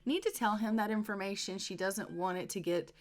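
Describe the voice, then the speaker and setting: A woman's voice: mid-range voice, brisk. A woman casually narrating a life-sim game story, retelling the characters' talk in a chatty "and she's like" way. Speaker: gameplay narrator.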